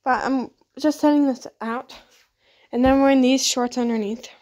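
A woman's voice: high-pitched, fairly even intonation, normal speed, a little mellow, highs cut off. A teenage girl chatting casually while getting ready, giggly and chatty. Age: teens. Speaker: vlogger. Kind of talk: casual get-ready-with-me chat. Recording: music in the background. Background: pop music playing.

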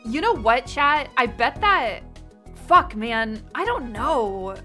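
Woman streamer reacting to a game, talks slow, music playing under her. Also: fairly high pitch. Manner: animated, swears, laughs often. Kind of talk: game playthrough with read-aloud dialogue.

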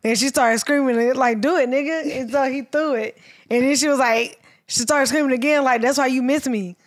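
A woman's voice: high voice, a little fast, no room sound, clean studio sound. A woman co-hosting a casual podcast chat, telling stories and acting out quotes in a raised voice. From American South. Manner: storytelling, acts out quotes in a raised voice. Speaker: podcast co-host.

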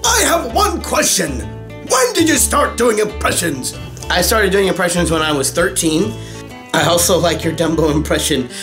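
A man voicing a jolly male cartoon warthog, loud and boisterous, over music. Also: high-pitched, very animated, moderate pace.

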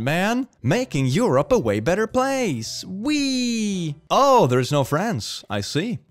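A young man reading posts aloud and reacting with sarcastic comments, laughing often. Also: medium pitch. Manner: sarcastic, laughs often, puts on silly voices. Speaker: reaction video host.

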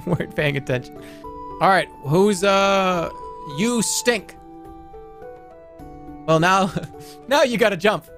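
A male streamer talks through a game in a loose, joking way, reacting out loud and swearing now and then. His voice sits a little higher than most men's. Faint music plays underneath his desk-mic chatter. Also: measured pace. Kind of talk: casual live-stream gameplay commentary.

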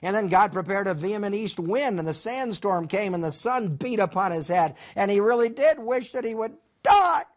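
A man's voice: high voice, brisk, few pauses. A middle-aged male professor giving a college Bible lecture, telling the story with animation and acting out characters' lines.

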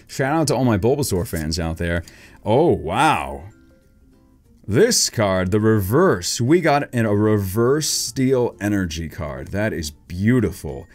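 Low-voiced guy ripping card packs, super animated, swings all over, quiet music under it. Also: slow. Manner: excitable, calls out each card, big gasps at rare pulls. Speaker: card-opening YouTuber. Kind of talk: excited unboxing commentary.

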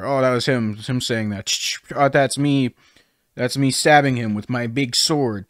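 A man's voice: mid-range voice, a little slow, fairly bright tone, dry recording. A young man giving casual, rambling, jokey commentary while playing a video game. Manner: rambling, jokey, self-mocking. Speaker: gaming video creator.

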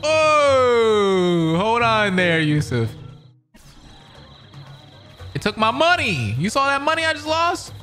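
A man giving excitable, slangy let's-play commentary over a video game, laughing often. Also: very high-pitched, slow, pauses often, soft background music. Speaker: gaming commentator.

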